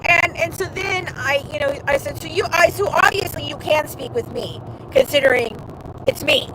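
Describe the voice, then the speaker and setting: A woman with a high voice hosts a casual livestream while riding along in a car. She tells her story with animation, acting out what other people said and cursing freely. Steady road noise from the car runs behind her. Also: moderate pace. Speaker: show host. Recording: noisy car interior.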